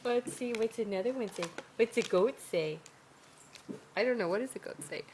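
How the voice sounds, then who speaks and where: A woman's voice: on the high side, lively intonation, unhurried, background noise. An older woman, a grandmother, talks baby talk to a little child, making giggly animal noises in a sing-song way.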